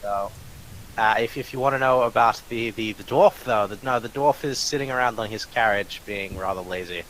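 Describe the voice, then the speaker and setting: A man's voice: on the low side, normal speed, fairly bright tone, slight background noise, rough recording. A man running a tabletop game as game master, narrating with frequent uh's, repeated words and dry, self-mocking asides.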